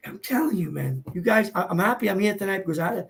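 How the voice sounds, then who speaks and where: Gravelly emotional man telling a story. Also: high-pitched, animated, fast, fairly bright tone, slight background noise. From New Jersey. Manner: choked up, repetitive, emphatic. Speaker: guest speaker.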